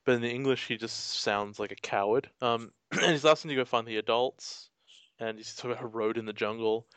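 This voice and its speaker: A man's voice: mid-range voice, a little fast, fairly bright tone, clear, resonant tone, no room sound. Male co-host, casual rambling chat, laughs easily, dry sound. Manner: chatty, laughs often, acts out quotes. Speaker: podcast co-host.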